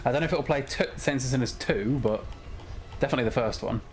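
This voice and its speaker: A man streaming a game chats casually with viewers, swearing a lot and grumbling, frustrated, at the controls. He talks fast with a medium-pitched voice, and faint music plays behind him.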